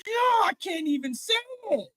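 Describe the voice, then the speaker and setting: A man hosting a live stream, ranting in a heated, profane way and often shouting. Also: very high-pitched, big pitch swings, moderate pace, dry recording. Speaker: livestream host. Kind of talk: profane live reaction rant.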